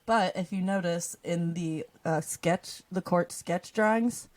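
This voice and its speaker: A woman's voice: on the low side, slow, a little mellow. A woman co-hosting a podcast in a home attic. She chats loosely, with frequent fillers and laughter. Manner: chatty, giggly, rambling with fillers. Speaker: podcast co-host. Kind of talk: casual chat with laughter.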